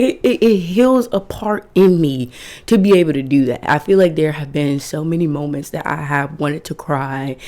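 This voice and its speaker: A woman's voice: deep voice, a little mellow. A woman in her twenties talking casually and candidly to her viewers, emphatic and swearing freely. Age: 20s. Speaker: vlogger. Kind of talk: casual self-help talk to camera.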